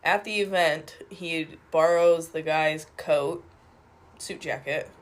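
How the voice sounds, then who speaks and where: A mid-pitched co-host talks through a stuffy, congested nose from being sick. The delivery is chatty and easygoing, like summarizing a plot for a friend. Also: steady tone, takes it slowly. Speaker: podcast co-host. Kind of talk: casual movie review chat.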